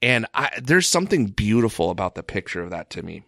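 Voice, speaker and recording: Man, low voice, earnest, halting, Bible discussion, dry close sound. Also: big pitch swings, vocal fry, sharp tone, no room sound. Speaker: Bible study leader.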